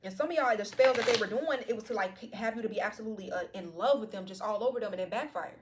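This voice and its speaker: Woman tarot reader, casual, cussing and joking, talks fast. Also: mid-range voice, background noise. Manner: slangy, profane, playful. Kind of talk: casual tarot reading to viewers.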